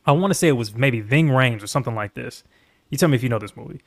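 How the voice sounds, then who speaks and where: A man co-hosting a casual reaction chat, telling stories in a rambling, animated way with swearing. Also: medium pitch, quick pace. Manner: rambling, animated storytelling with profanity. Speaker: podcast co-host.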